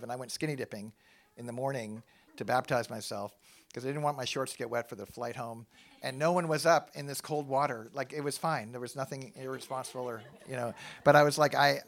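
A middle-aged man giving a casual, animated sermon to a live church audience, self-deprecating and thinking aloud with frequent restarts. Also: mid-range voice, vocal fry. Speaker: pastor.

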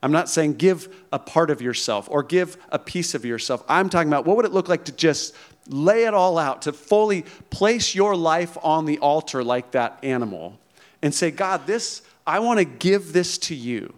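A man's voice: on the high side, expressive, normal speed. Emphatic man preaching a sermon. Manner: conversational, emphatic, checks in with "okay?" and "right?". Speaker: pastor.

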